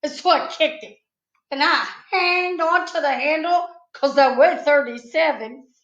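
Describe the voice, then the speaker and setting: A woman with a high, somewhat bright voice reads a children's book aloud at an unhurried pace, narrating playfully in first person as a child. The recording sounds slightly dull, in a room with noticeable echo.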